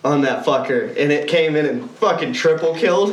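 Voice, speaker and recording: A young man co-hosting a casual podcast, telling gaming stories in an excitable, profane way with sudden shouted outbursts. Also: fairly high pitch, normal speed, roomy sound. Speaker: podcast co-host. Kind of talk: casual chat.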